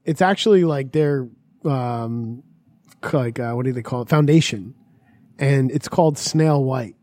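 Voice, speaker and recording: A man's voice: medium pitch, unhurried, a little mellow, no room sound. A man telling travel stories in loose, crude casual chat, laughing and swearing as he goes. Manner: storytelling, laughs often, swears freely.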